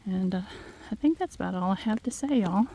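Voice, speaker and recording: A woman, slightly out of breath, talking gently and haltingly to her viewers outdoors on a phone. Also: medium pitch, animated, a little hiss or hum. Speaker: farm vlogger. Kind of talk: casual heartfelt talk to viewers. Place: outdoors in fog. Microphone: handheld phone.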